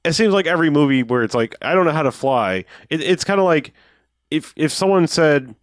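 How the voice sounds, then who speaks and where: A man's voice: fairly high pitch, lively intonation, brisk, dry recording. A man co-hosting a podcast, chatting casually and rambling as he recaps a movie, often mimicking the characters. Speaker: podcast co-host.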